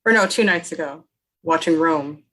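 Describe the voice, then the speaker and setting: A woman who is a guest on a podcast, chatting casually in a thoughtful, measured way. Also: low voice, fairly bright tone. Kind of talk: casual chat.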